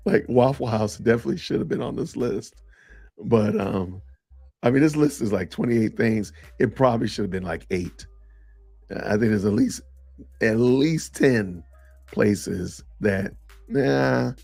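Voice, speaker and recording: Gravelly, husky man hosting a podcast. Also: fairly low pitch, darkish tone, no room sound. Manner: loose, chatty, reads out and reacts to viewer comments. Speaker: podcast host. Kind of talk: casual live-stream chat.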